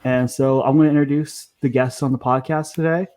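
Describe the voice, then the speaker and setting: A man's voice: mid-range voice, fairly even intonation, brisk, dark tone. A man hosting a podcast, talking casually and chattily, with frequent ums and restarts. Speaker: podcast host.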